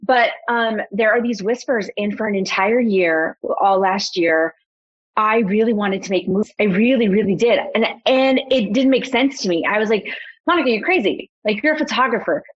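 Animated woman telling a story, muffled sound. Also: medium pitch, normal speed. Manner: animated storyteller, quotes herself. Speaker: podcast guest, photographer. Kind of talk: storytelling in casual conversation.

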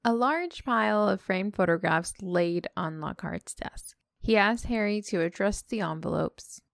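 A woman retells a book on a casual podcast. She mixes read-out passages with quick asides to her co-hosts. Her voice sits mid-range and close to the mic in a dry, deadened space. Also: medium pitch, animated, creaky, no room sound. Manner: summarizes and reads aloud, breaks off to chat and laugh.

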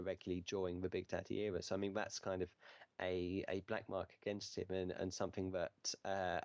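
A man's voice: low voice, darkish tone, dry recording. A man being interviewed on a podcast, answering at length in a hesitant way full of fillers and hedging words. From United Kingdom. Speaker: podcast guest, wrestling writer.

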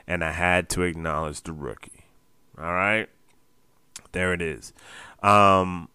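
Chatty man with a bright, smooth voice. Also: fairly low pitch, no echo, studio quality. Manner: chatty, repeats phrases, chuckles often. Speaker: basketball fan show host. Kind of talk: casual post-game recap.

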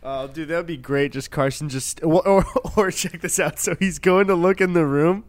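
Excitable young man with a higher voice. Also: moderate pace. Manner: excitable, giggly, gushes over jokes. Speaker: podcast co-host. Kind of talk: casual podcast chat.

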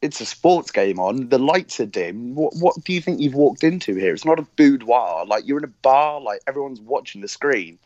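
A man's voice: mid-range voice, animated, normal speed, hardly any pauses, a little mellow, no room sound. A man who is a podcast guest, making dry, wry remarks in casual chat. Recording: muffled remote line.

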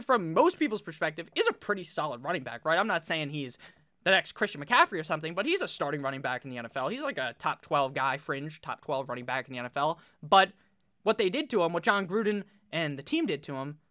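A man's voice: a little high, bright, forceful tone, dry recording, clean studio sound. A man giving casual fantasy football commentary, talking bluntly, swearing freely and rattling off statistics.

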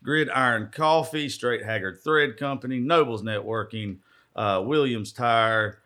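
A man's voice: mid-range voice, measured pace, pushed and bright. A man hosting a podcast in rowdy, profane, joking casual chat, sounding hungover after an all-nighter. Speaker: podcast host.

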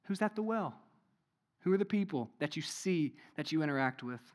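A man with a high voice preaching a sermon to his congregation. He keeps it conversational, firing off rhetorical questions and tagging "right?" onto his points. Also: lively intonation, normal speed, a little mellow. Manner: says "y'all".

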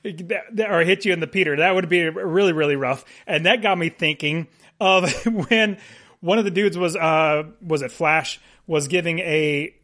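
A man with a slightly higher-than-usual voice talks casually as a podcast co-host. He rambles, restarts his sentences and laughs easily. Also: normal speed, a bit bright. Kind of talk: casual chat.

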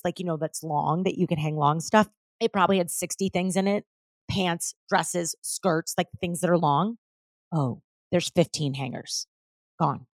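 A woman's voice: fairly low pitch, no echo, studio quality. A middle-aged woman hosting a podcast, talking casually and animatedly, full of "like"s and swearing, acting out other people's lines. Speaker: podcast host. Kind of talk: casual solo podcast monologue.

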